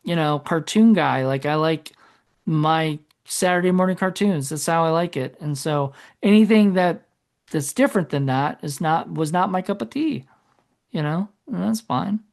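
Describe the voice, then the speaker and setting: A man's voice: fairly high pitch, normal speed, gravelly. A man co-hosting a podcast in casual chat, rambling and correcting himself as he goes. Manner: rambling, self-correcting, trails off. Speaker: podcast co-host.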